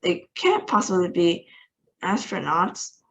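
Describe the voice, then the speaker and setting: A woman's voice: on the low side, sing-song, slow, gravelly, highs cut off, exaggerated voice. A woman reading aloud, voicing an astonished male astronaut reporting from orbit. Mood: amazed. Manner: breathless, astonished.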